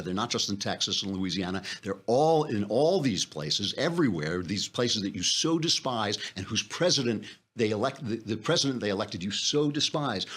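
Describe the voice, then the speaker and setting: A man's voice: fairly low pitch, fairly bright tone, slightly rough. A man hosting a political commentary podcast, delivering an impassioned, sarcastic monologue. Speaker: podcast host.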